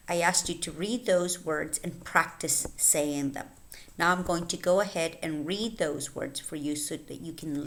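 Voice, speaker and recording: A woman teaching English pronunciation, reading word lists aloud with careful, clear enunciation and pauses between words. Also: on the low side, fairly bright tone. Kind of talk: slow, deliberate word-list reading for learners.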